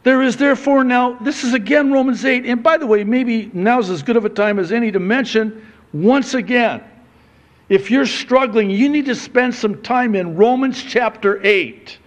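A man's voice: normal speed, muffled recording. Man preaching a casual, emphatic sermon. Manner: conversational, swinging from soft and low to loud and emphatic. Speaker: pastor.

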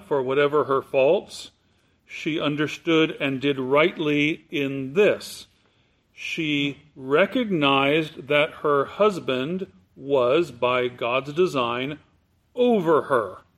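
A man preaching a sermon, explaining scripture word by word in a deliberate, emphatic teaching manner. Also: a little high, fairly bright tone. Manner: slow, deliberate, explanatory, stresses key words.

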